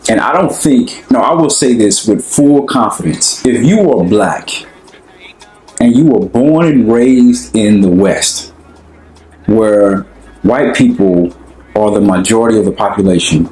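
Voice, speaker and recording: A young African American man talks in a relaxed, conversational way, full of slang and asides. His voice sits low. The room around him rings with echo. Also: a little slow. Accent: African American English. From United States. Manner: relaxed, conversational, slangy, often asks "you know what I'm saying". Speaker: interviewee. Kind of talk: casual personal talk.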